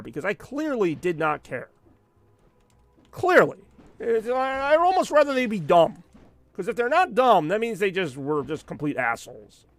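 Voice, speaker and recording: A man chats loosely over live gameplay, wandering from complaint to complaint with plenty of asides. His voice sits fairly high and swings up and down a lot, with a gravelly, fry-heavy edge. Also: no room sound. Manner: rambling, venting, animated with frequent asides. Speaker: gaming streamer.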